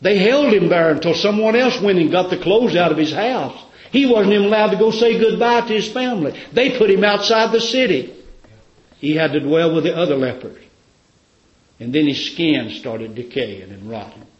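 A man's voice: high-pitched, lively intonation, normal speed, reverberant, lo-fi sound. A man preaching a sermon, telling a story fervently with many rhetorical questions.

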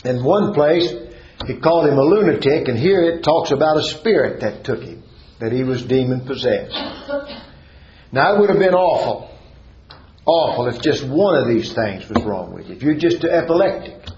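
A man's voice: mid-range voice, lively intonation, moderate pace, a little mellow, echoey room, dull audio, a little hiss or hum. A male preacher, preaching a sermon in a fervent cadence and repeating phrases for emphasis.

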